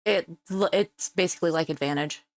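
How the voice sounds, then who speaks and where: A woman playing a tabletop game, brisk and decisive about her character's actions. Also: fairly low pitch, dry recording. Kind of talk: casual chat.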